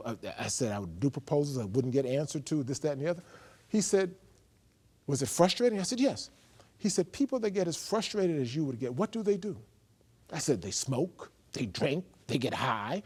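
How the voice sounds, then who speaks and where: A man, a guest on a faith program, telling his testimony as a lively story and acting out both sides of a dialogue. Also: fairly high pitch, slightly rough. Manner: acts out dialogue, swinging from loud to hushed.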